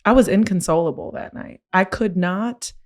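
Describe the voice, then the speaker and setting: A woman hosting a podcast, telling a personal story in a candid, slangy way, her voice climbing when she gets worked up. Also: normal speed. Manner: animated, rising pitch when excited; casual, slangy. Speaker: podcast host.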